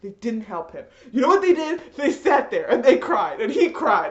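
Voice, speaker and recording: A woman ranting in a rambling, animated way, full of fillers, in a roomy, slightly dull recording. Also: a little high, moderate pace, few pauses, crowd noise. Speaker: vlogger. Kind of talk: ranting commentary.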